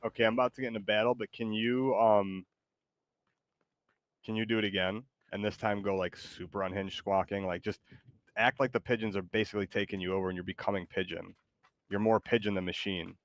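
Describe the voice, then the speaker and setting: A man with a lowish voice streams a battle royale game and chats casually. He rambles loosely, full of likes and ums. Faint clicks and game noise sit behind him. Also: steady tone, a little fast.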